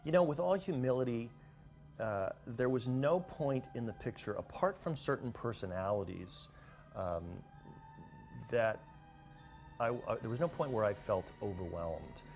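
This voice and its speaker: A man's voice: medium pitch, animated, unhurried, a little mellow, soft background music. A man, a film director, thinking back in a documentary interview, with many restarts. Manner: thoughtful, with frequent restarts.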